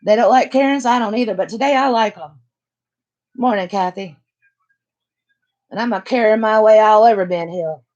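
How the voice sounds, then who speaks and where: A woman's voice: mid-range voice, normal speed, long pauses, a little mellow, muffled recording. An older woman hosting a casual chat, talking bluntly and emphatically. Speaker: channel host.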